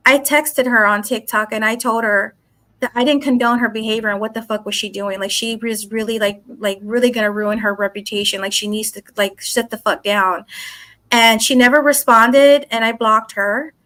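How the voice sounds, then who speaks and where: Psychic lady in an interview, bright punchy voice, acts out the drama with lots of swearing. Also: fairly high pitch, normal speed. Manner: animated storytelling, acting out quotes with swearing. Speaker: psychic guest. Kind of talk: casual interview.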